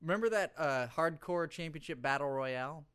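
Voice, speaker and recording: A man's voice: on the high side, fairly quick, fairly bright tone, clear, resonant tone. Rambling, jokey man on a podcast. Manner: rambling, jokey, self-deprecating. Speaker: podcast co-host. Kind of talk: casual comedic chat.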